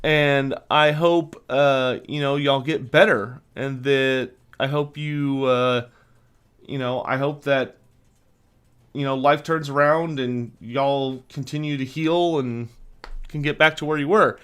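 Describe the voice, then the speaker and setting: A man's voice: mid-range voice, takes it slowly, clean tone. A young man hosting a casual livestream, telling a long rambling story full of fillers and restarts. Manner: rambling storyteller, many fillers, animated retelling. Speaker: livestream host.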